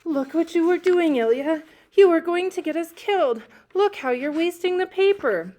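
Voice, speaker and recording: A woman reading aloud, voicing a frightened young immigrant girl who shouts and pleads. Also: extremely high pitch, animated, moderate pace, voice pushed up. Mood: frantic.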